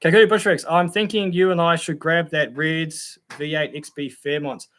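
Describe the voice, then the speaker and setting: Bright-voiced man chatting casually. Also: a little high, steady tone, moderate pace. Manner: chatty, laid-back, laughs often, trails off with ums. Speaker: livestream host reading viewer comments. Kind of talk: casual livestream chat.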